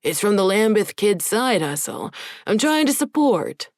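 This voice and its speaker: A woman's voice: medium pitch, measured pace, dry recording, pitched above the performer's own voice. Storybook demon gargoyle, male, ancient, theatrical with a fake Scottish brogue , a woman reading him, dry close sound. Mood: cheerful. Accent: put-on Scottish brogue. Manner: theatrical, deadpan. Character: pudgy male demon gargoyle, centuries old, flamboyant.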